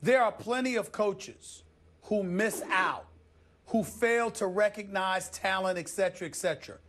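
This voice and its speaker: A man's voice: high voice, a little slow, fairly bright tone. A man arguing sports on a studio debate show, emphatic and insistent, who keeps cutting in to take the floor. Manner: emphatic, repeats "listen" to grab the floor.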